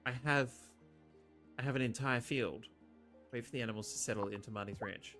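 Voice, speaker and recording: His mid-range voice moves briskly but with frequent pauses as he streams a farming game over soft background music. The streamer is animated and full of jokes, chatting to the game characters.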